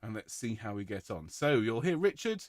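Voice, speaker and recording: A man directing a choir rehearsal, giving clear, encouraging instructions and singing out rhythms to demonstrate them. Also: lowish voice, big pitch swings, moderate pace, no room sound, clean studio sound.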